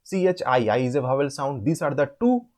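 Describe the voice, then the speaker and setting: A man with an Indian English accent tutoring students through an English assignment, explaining step by step and repeating words slowly. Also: mid-range voice, very animated, darkish tone. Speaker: online course tutor. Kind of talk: assignment walkthrough lesson.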